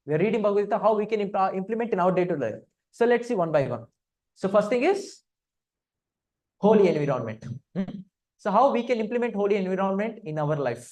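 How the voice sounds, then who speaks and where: High-voiced scripture teacher. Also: male voice, lively intonation, fast talker, darkish tone. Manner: interactive, asks the audience questions, frequent hums. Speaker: spiritual teacher. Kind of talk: scripture study class.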